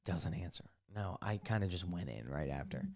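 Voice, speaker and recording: A man's voice: sits low, animated, normal speed, gravelly, darkish tone. A young man hosting a casual solo podcast from his bathtub, telling a rambling, profane, self-mocking story. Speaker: podcast host. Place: bathtub at home.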